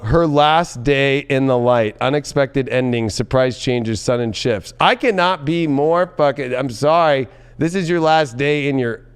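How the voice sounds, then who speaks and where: A man giving a tarot reading in an excitable, loud and profane way, often breaking into laughter. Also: medium pitch, clear, resonant tone. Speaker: tarot reader.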